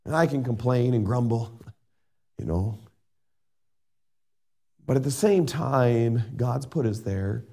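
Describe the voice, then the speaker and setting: A middle-aged man preaching a sermon and reading scripture in an earnest way. He shifts between loud emphasis and soft asides. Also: medium pitch, lively intonation, takes it slowly, gravelly, pauses often, slightly rough. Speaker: pastor.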